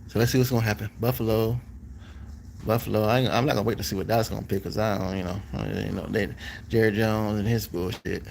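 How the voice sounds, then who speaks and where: A man's voice: lowish voice, flat delivery, fast, vocal fry, darkish tone, slight background noise, low-quality recording. A man vlogging as he cooks, chatting casually to his viewers and rambling, repeating phrases, talking slangy. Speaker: cooking vlogger.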